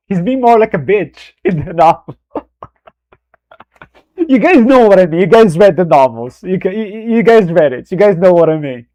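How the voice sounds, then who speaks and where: Rambling man with a higher voice. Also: very animated, moderate pace, pauses often, dark tone. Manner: rambling, restarts and self-corrections. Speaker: streamer. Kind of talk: casual livestream chat.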